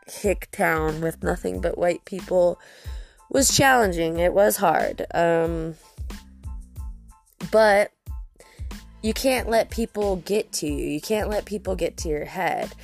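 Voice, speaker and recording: A woman's voice: on the low side, a little mellow. A young woman from Colorado hosting a podcast, talking candidly in a casual monologue full of fillers. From Colorado, USA. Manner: candid, frequent fillers, drawn-out. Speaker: podcast host.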